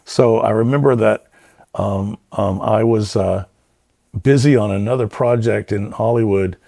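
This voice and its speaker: Middle-aged guy rambling through old stories, husky voice, dry sound. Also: lowish voice, unhurried, no room sound. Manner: rambling, warm storytelling with many fillers. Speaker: guest production designer. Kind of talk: casual interview chat.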